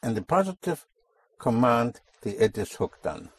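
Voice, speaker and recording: A man's voice: medium pitch, big pitch swings, a little slow, husky. A man teaching a Spanish lesson, patiently explaining grammar and repeating his students' answers back to them. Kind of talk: language lesson.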